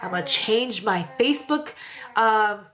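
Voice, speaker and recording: A woman's voice: medium pitch, lively intonation, measured pace, fairly bright tone. A young adult woman vlogging casually at home, chatty and easygoing as she talks to herself. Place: home, indoors.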